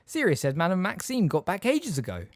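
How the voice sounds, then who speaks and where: An impatient, urgent teenage boy, read by a man in an audiobook, direct and pressing. The voice is pitched well above the reader's own, in a dry, close recording. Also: wildly swooping pitch, brisk, no room sound. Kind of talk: audiobook character reading.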